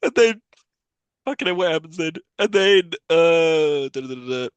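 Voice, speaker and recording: A man's voice: a little high, animated, normal speed, clear, resonant tone, dry recording. A man co-hosting a podcast, recapping a film in casual chat and laughing often as he goes. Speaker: podcast co-host.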